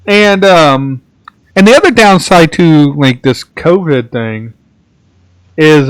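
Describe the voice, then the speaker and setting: Casting: male podcast host, mid pitch, meandering anecdotal chat, recorded close and dry. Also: lively intonation, slow, clean tone, dry recording. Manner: rambling storyteller, many restarts and "like"s. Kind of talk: casual chat.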